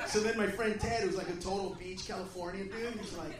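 An American man doing a stand-up comedy set, loud and profane, shouting through his characters' voices. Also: high-pitched, fairly even intonation, moderate pace, reverberant, far from the mic, crowd noise, noisy background. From United States.

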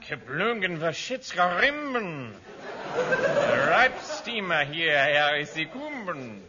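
A man's voice: on the high side, big pitch swings, takes it slowly. A man playing a bumbling general, sputtering mock-gibberish in 1950s-style radio comedy acting. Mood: flustered. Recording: hissy lo-fi old radio broadcast.

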